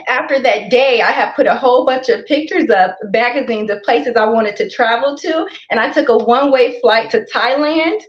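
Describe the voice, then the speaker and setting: A woman's voice: a little high, normal speed, few pauses, reverberant, muffled recording. A woman hosting a casual interview, upbeat and chatty, often checking in with "right?". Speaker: host.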